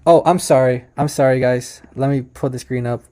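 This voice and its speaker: Emphatic man, dark-toned, commentating a video. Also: mid-range voice, fairly even intonation, moderate pace. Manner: emphatic, corrects himself often, addresses viewers as guys. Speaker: host reacting to a video.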